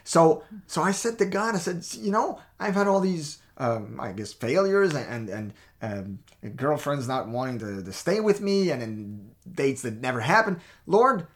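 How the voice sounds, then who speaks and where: Animated man giving a faith talk. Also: medium pitch, normal speed, hardly any pauses. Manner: animated, emphatic, restarts words often. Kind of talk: faith talk with personal stories.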